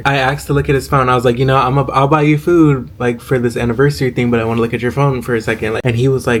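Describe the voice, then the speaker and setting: A man's voice: mid-range voice, quick pace, few pauses. Chatty young man telling a story. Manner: chatty, heavy filler words, frequent cursing and slang. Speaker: vlogger. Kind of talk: casual storytime.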